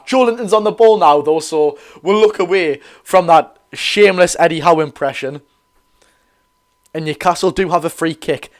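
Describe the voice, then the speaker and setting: A man's voice: fairly high pitch, expressive, normal speed. A man with a Geordie accent hosting a live football watch-along, giving chatty commentary, correcting himself and greeting viewers.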